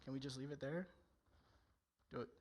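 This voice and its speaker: A man's voice: mid-range voice, fairly even intonation, normal speed, darkish tone. A male pastor preaching a candid, conversational sermon in church, often acting out people's inner voices.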